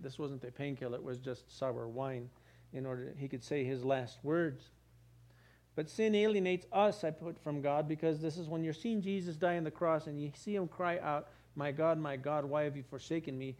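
A man's voice: a little high, normal speed, darkish tone. A man preaching a sermon as pastor, driving points home with repeated phrases. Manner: preaching with rising emphasis and repetition.

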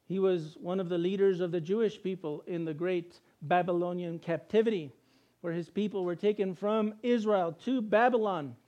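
High-voiced emphatic male preacher. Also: moderate pace, highs cut off. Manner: emphatic, repetitive cadence with sudden loud bursts. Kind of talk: sermon.

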